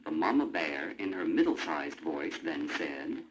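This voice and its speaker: A man narrating a storybook in an animated, expressive way. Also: extremely low pitch, measured pace, a little hiss or hum. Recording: muffled old vinyl with music.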